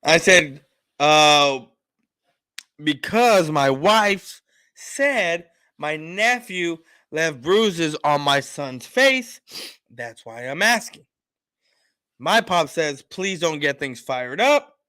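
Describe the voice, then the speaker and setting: A man's voice: fairly high pitch, big pitch swings, drawn-out words, pushed and bright, no echo. A man on a casual livestream, telling a family story bluntly and frankly, acting out the dialogue. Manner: self-described attitude, frank and profane. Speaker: show host.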